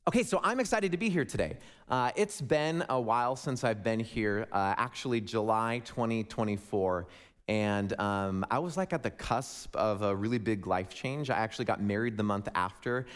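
A man's voice: on the low side, moderate pace. A young man from Wisconsin giving a humorous storytelling sermon, playful and jokey with asides to the audience. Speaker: speaker addressing a congregation. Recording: long reverb of a large hall.

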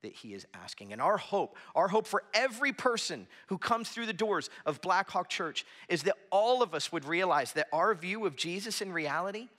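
A man with a bright, fairly high voice preaches a sermon to a small church gathering. He talks earnestly and conversationally, circling back and restarting his phrases as he builds his point. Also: sing-song, normal speed, few pauses. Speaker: pastor. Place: church hall with a small audience.

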